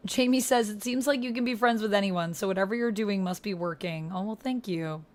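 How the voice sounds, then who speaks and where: A woman's voice: mid-range voice, a little fast. Woman streamer reading chat aloud. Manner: reads viewer comments aloud and answers them; encouraging, supportive. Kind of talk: casual live-stream chat while gaming.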